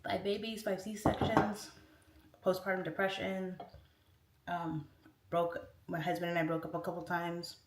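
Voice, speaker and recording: A woman's voice: on the low side, little pitch movement, a little slow, recorded from a distance, slight background noise. A woman livestream host from Tacoma, chatting candidly and reading viewer comments from her kitchen, laughing often. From Tacoma, Washington, USA. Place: home kitchen. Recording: roomy echoey kitchen.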